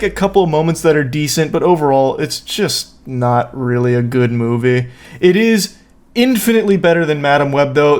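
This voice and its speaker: A man hosting a casual movie review, talking in a loose, rambling and blunt way. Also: fairly high pitch. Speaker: host.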